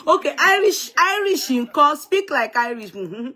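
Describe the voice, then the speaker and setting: A woman's voice: high voice, very animated, moderate pace, few pauses, fairly bright tone. A middle-aged woman with a Nigerian accent, chatting casually and slipping in Yoruba phrases. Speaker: host. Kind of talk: casual group chat.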